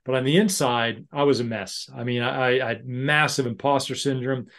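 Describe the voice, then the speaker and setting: A man's voice: medium pitch, steady tone, normal speed, a bit bright. A middle-aged American man, a leadership coach, telling his career story candidly with self-deprecating humor and some stumbling restarts. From United States. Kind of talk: casual interview storytelling.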